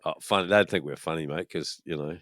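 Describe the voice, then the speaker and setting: A man's voice: very deep voice, quick pace, fairly bright tone, no echo, studio quality. A man co-hosting a podcast, teasing wryly in casual banter and often trailing off. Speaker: podcast co-host. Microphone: studio microphone.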